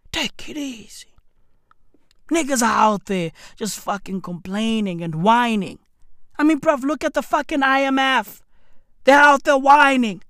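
A woman delivering a loud, swaggering, profane comedic rant full of slang. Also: on the high side, no echo, clean studio sound. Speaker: comedic commentator.

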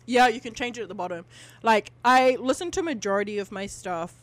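A woman's voice: on the high side, brisk, no room sound. A woman co-hosting a casual podcast, rambling, swearing freely and using lots of fillers. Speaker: podcast co-host.

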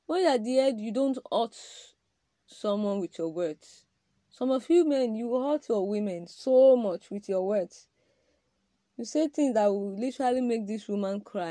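A woman's voice: mid-range voice, mellow, dry recording. A woman giving an emphatic, preaching-style podcast talk on marriage, addressing men directly with repeated rhetorical questions.

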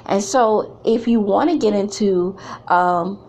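Blunt woman with a gravelly voice. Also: mid-range voice, slow, darkish tone. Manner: blunt, emphatic, repeats phrases for effect. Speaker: speaker addressing women. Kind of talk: candid motivational talk.

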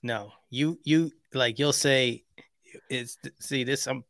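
Bright-voiced man teasing his co-host. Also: mid-range voice, fairly even intonation, slow pace, dry recording, clean studio sound. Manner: teasing, laughs easily. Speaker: podcast co-host. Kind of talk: casual chat.

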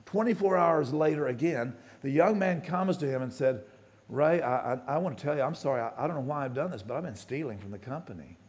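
A pastor giving a sermon, telling a story with plenty of quoted dialogue and halting restarts, his voice rising and dropping. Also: medium pitch, lively intonation, a little mellow.

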